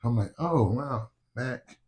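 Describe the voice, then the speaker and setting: A young man chatting on a podcast as a guest, at a middle pitch for a man. He tells stories with lots of animation, jokes around, and now and then shouts a word out loud. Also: animated, slow pace, husky. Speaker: actor guest. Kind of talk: casual podcast chat.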